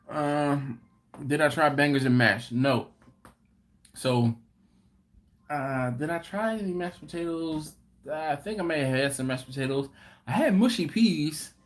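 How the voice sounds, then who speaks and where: A man hosting a live-stream Q&A for his barbecue channel, telling stories at an easy pace and acting out what people said. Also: fairly high pitch. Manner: unhurried, laughing storyteller who acts out quotes.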